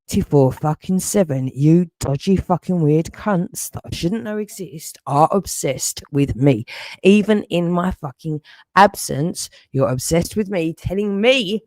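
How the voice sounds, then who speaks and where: A woman's voice: on the low side, unhurried, darkish tone, no echo. Furious swearing woman. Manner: furious, profane and repetitive. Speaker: livestreamer. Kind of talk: angry livestream rant.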